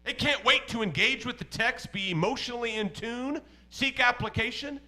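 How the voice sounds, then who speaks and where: Animated, bright-voiced male preacher. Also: extremely high pitch, normal speed, rough recording. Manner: animated, emphatic, swings between loud and hushed. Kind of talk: sermon.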